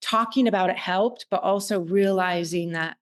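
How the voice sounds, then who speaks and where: A middle-aged woman guest on a talk show, speaking candidly and reflectively about her children leaving home, with emotional, halting restarts. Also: medium pitch. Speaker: podcast guest. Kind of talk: candid personal conversation.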